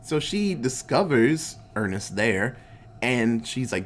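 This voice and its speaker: A man's voice: medium pitch, sing-song, slow, a little hiss or hum. A man casually recapping a movie, laid-back and swearing a lot, acting out the characters' lines in goofy voices. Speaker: podcast host recapping a movie.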